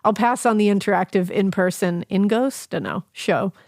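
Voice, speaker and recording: A woman's voice: mid-range voice, normal speed, a little mellow, dry recording, clean studio sound. A woman co-hosting a podcast, reading a listener's ghost story aloud with laughing asides and casual swearing.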